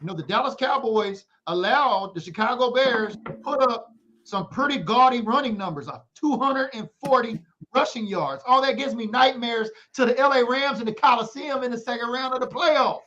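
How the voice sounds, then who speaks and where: Male sports podcast co-host, high voice, playful trash talk, lo-fi sound. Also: moderate pace, pushed and bright, a little hiss or hum. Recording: dull lo-fi audio.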